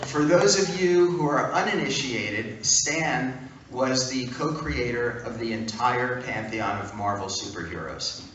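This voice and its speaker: A man speaking at a fan event, telling an animated, punchy anecdote to a crowd. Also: mid-range voice, unhurried, dull audio, a little hiss or hum. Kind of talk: storytelling talk. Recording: echoey hall from far off.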